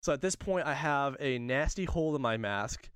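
A young man telling a funny story in casual chat, animated and laughing often, acting out the voices of the people in it. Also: mid-range voice, normal speed, clean tone, no echo, clean studio sound.

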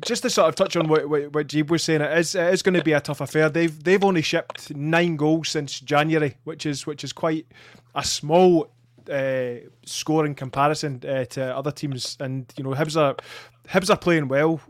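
Scottish male co-host, excitable and sweary, slightly high-pitched. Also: moderate pace, dry recording, clean studio sound. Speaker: podcast co-host. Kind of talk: casual football chat.

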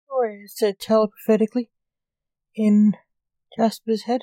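A woman reads a short story aloud at an unhurried, measured pace. Her tone is soft and dark. The recording is close and dry. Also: medium pitch, fairly even intonation, dry recording, poor audio. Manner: slow, measured reading.

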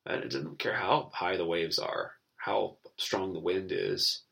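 A man co-hosting a casual Bible study podcast, thoughtful and animated, laughing now and then. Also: low-pitched, unhurried, creaky. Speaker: podcast co-host.

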